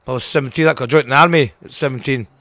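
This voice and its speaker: A man's voice: medium pitch, quick pace, sharp tone, no echo. An older man with a Scottish accent, a punk singer interviewed as a guest, talking bluntly and swearing a lot as he rambles. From Scotland.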